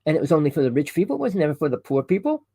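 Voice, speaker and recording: A man's voice: on the high side, very animated, very fast, mellow, breathy edge, dry recording, low-quality recording. A man delivering a rambling, preachy monologue to camera. He keeps correcting himself, calls his listeners "people" and fires off rhetorical questions. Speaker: online conspiracy commentator.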